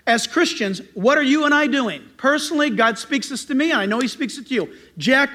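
A middle-aged pastor preaching a sermon, telling stories in an animated way and acting out loud greetings. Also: male voice, extremely high pitch.

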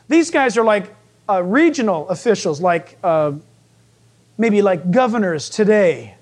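A male pastor preaching a sermon in an animated, joking way, acting out voices as he goes. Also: high-pitched, a little slow.

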